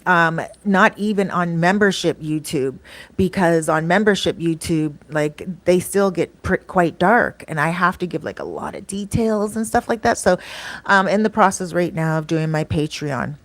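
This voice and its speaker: A woman's voice: fairly low pitch, moderate pace, no room sound. A woman vlogger telling stories in a casual chat, rambling with lots of fillers and acting out what people said. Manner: chatty, rambling, acts out quoted dialogue; frequent fillers like um and you know. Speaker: vlogger and channel host.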